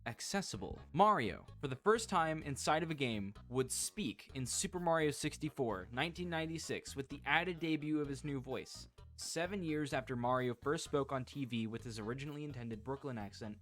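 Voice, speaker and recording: A man talks through a casual video essay at an average pitch, chatty and wry, leaning on "like" as he goes. Soft music sits faintly behind his home-mic voice-over. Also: expressive, normal speed, few pauses. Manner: chatty and wry, with many "like" fillers.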